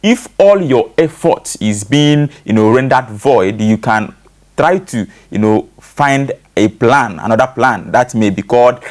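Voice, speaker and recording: A man's voice: medium pitch, lively intonation, a little slow, a little mellow. Nigerian man explaining with many fillers. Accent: Nigerian English. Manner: explains by analogy, many fillers like "you know". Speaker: panel guest. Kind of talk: discussion on a talk show.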